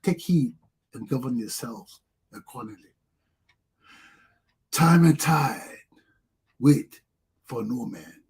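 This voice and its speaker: A man's voice: medium pitch, slow pace, pauses often, darkish tone, breathy edge. An older man, hosting a talk show and delivering an angry, profane monologue in repeated jabs. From Liberia. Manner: ranting, profane, repetitive.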